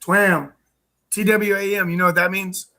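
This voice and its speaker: Stream host: brash, teasing, higher bright male voice. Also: level tone, fast talker. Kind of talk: casual live-stream banter.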